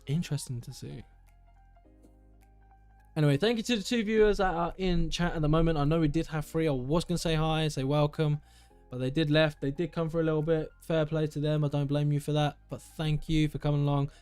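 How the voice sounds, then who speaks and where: A man's voice: a little high, steady tone, a little fast, a little mellow, clear, resonant tone, dry recording, soft background music. A young man chatting casually on a live stream, rambling and correcting himself as he browses tech deals at home. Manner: rambling, self-correcting, enthusiastic. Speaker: tech livestreamer.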